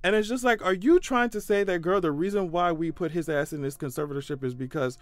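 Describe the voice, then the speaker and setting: A man giving casual reaction commentary, sassy and profane, breaking into high-pitched exclamations. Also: fast, no room sound. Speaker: commentary vlogger.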